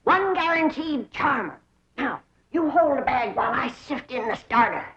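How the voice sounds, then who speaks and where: Give me a bossy old hillbilly granny with a drawl, over dull sitcom audio. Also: female voice, high-pitched, lively intonation, moderate pace, a bit bright. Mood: folksy bossy. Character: feisty older hillbilly granny charm-maker. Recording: dull 1960s TV sound with laugh track.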